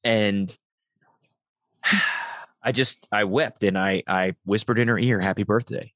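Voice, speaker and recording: Low-voiced middle-aged man telling a story. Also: takes it slowly, no room sound. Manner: animated storyteller acting out quoted dialogue. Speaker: podcast guest. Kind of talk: storytelling interview.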